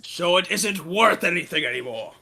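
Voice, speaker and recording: A player man voices his king in curt, deadpan commands during a tabletop game. His voice is gravelly and husky, but bright and tense, and it swings widely in pitch. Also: normal speed. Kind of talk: in-character roleplay as a king.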